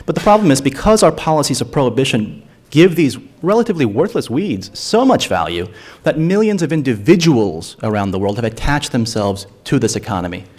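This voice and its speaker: A man with a sing-song, slightly mellow, medium-pitched voice talks fairly quickly at a public drug policy forum in a lecture hall. Earnest and argumentative, he often restarts his sentences and repeats words when he does.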